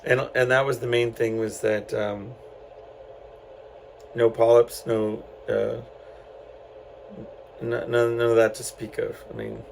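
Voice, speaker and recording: A man's voice: mid-range voice, animated, slow, gravelly, long pauses, a little hiss or hum, low-quality recording. A middle-aged man from San Antonio, hosting a podcast and telling a story in a loose, rambling way full of fillers and restarts. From San Antonio, Texas. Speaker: podcast host. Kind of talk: casual solo storytelling.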